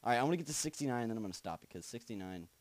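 A man's voice: mid-range voice, animated, rapid-fire, no room sound. A young man commentating a horror game he is playing, muttering nervously, chanting to himself and swearing, with sudden screams. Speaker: gaming channel host.

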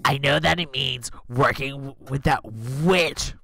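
A man voicing a tearful, protective old grandmother in an interactive story game, speaking slowly and with emphasis. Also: mid-range voice, creaky, sharp tone.

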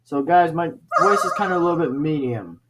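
A man giving excitable gameplay commentary, laughing often and shouting his reactions at the game. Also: fairly high pitch, fairly quick, heavy background noise. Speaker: let's play gamer. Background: game music.

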